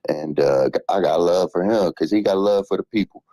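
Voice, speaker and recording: A man speaking in a live audio chat, enthusiastic and motivational, giving shout-outs. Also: sits low, moderate pace, no echo, rough recording. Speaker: guest speaker.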